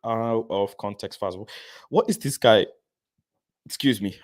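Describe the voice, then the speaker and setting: Expressive young man chatting on a stream. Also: on the low side, unhurried, no room sound, clean studio sound. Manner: animated, expressive, laughs often, addresses viewers by name. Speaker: livestream host reading chat. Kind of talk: casual livestream chat.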